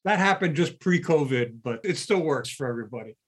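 A man in a conversational podcast discussion, an animated storyteller who acts out the people he quotes. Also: on the high side, brisk, slightly rough.

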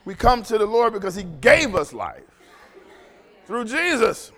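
A man preaching a sermon in a church, animated and joking, often laughing as he talks. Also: high-pitched, measured pace, big-room sound. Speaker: pastor.

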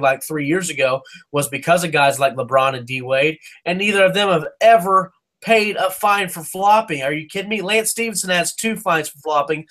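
A man's voice: on the high side, sharp tone. A man co-hosting a casual sports podcast, ranting with heat, swearing and stumbling over restarts. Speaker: podcast co-host.

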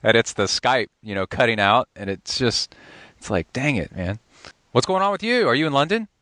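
A man's voice: medium pitch, very animated, brisk, pushed and bright, no room sound, studio quality. A man hosting a podcast interview over a Skype call, chatty and joking, laughing often. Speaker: podcast host. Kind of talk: casual interview chat.

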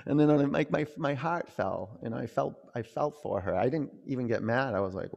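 A man teaching a yoga class, calling out poses and chatting in a relaxed, rambling way between cues. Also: medium pitch, a little fast, gravelly, hardly any pauses, in a large hall.

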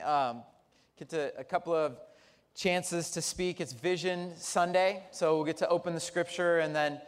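This pastor's high-pitched voice is clear and resonant as he delivers a sermon in a church sanctuary. He tells stories in a lively, chatty, humorous way, and the recording carries long church reverb.

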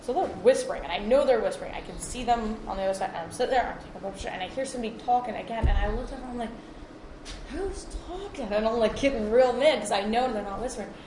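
A woman rattles through a story from her EMS work at a quick clip, quoting partners and patients as she goes. The room is echoey and there is steady noise in the background. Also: on the high side. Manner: animated, quotes others in lively voices. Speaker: EMS worker. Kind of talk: casual storytelling.

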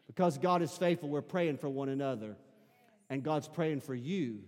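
Squeaky-voiced Arkansas pastor preaching. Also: male voice, moderate pace, big-room sound. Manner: swings from shouted preaching to quiet, intimate talk. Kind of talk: sermon. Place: church sanctuary.

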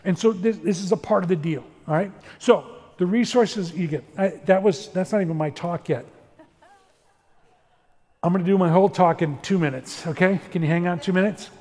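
High-voiced middle-aged male pastor in a reverberant hall. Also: normal speed. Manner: earnest, animated, acts out quoted dialogue. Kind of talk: sermon-style talk with storytelling. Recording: long reverb of a large room.

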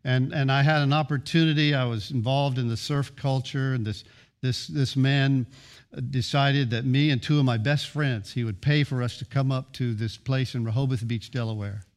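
A man's voice: medium pitch, fairly even intonation, moderate pace. A man preaching a sermon, building emphatic rhythmic lists of short phrases and often restarting his words as he presses a point. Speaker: pastor.

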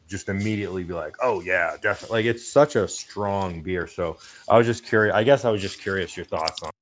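Man, lowish voice, halting casual talk. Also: a little hiss or hum, low-quality recording. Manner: halting, searching for words. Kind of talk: casual chat.

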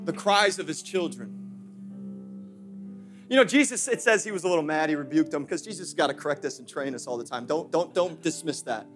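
A male pastor preaching passionately, swinging from loud calls to hushed asides with playful remarks to the congregation. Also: a little high, expressive, a little fast, soft background music. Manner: impassioned preaching with sudden shifts from shouting to hushed. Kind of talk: sermon.

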